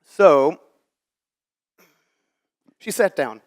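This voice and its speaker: With a fairly high pitch, animated delivery, and a very slow pace, a man in his forties speaks from a conference stage to a live audience. His talk is conversational and story-driven, with quoted lines acted out.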